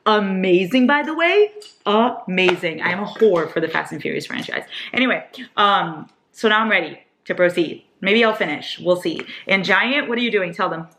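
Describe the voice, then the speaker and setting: Chatty, excitable young woman vlogger. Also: fairly low pitch, brisk, gravelly, a little hiss or hum. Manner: chatty, excitable, swears casually, says "like" often. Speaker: book vlogger. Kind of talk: casual reading vlog. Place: home kitchen at night.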